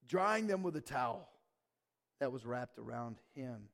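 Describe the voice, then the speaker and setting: A man's voice: mid-range voice, animated, unhurried, creaky, fairly bright tone. A male pastor preaching a sermon, calling out to the congregation and pressing his points with emphasis. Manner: emphatic, call-and-response with the congregation. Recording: reverberant church hall.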